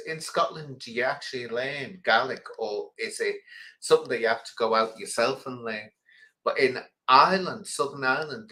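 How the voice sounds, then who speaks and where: A man's voice: mid-range voice, bright, forceful tone, poor audio. Middle-aged english guy rambling on, opinionated, lots of ums, casual chat. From England. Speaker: host.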